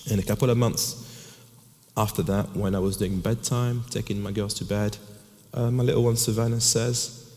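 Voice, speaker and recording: A man's voice: fairly low pitch, creaky, a little mellow, big-room sound. A man in his thirties preaching a sermon, telling a personal story earnestly and often restarting his words.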